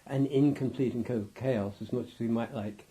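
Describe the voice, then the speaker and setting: A man's voice: medium pitch, steady tone, a little fast, warm tone. Guy being interviewed, rambly, lots of restarts, medium voice, laughs mid-story. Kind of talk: loose unscripted interview.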